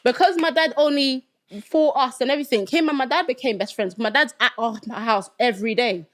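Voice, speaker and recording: A woman, a podcast guest telling a personal story in animated casual chat, often checking that her listeners follow her. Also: a little high, brisk. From London, England. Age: 30s. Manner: animated storytelling, keeps asking "do you get what I mean?".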